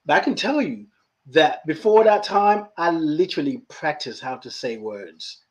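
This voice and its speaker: Male podcast host from Nigeria, mixed accent, slightly high and very animated storyteller. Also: normal speed. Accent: Nigerian, British and Southern US mix. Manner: animated storyteller, acts out quoted voices. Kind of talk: casual conversation.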